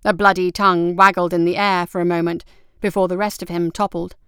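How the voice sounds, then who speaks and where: A woman reads a story aloud in a steady, even manner. Her voice is smooth and crisp. It is recorded close and dry, with no room around it. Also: lowish voice, brisk, dry recording. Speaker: narrator. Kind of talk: audiobook narration.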